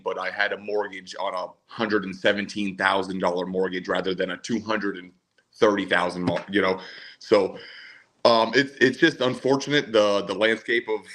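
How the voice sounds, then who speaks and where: A man's voice: on the low side, a bit bright, low-quality recording. A man from Maine calling in to a podcast, chatting in an easygoing, rambling way. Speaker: caller. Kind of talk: casual call-in chat.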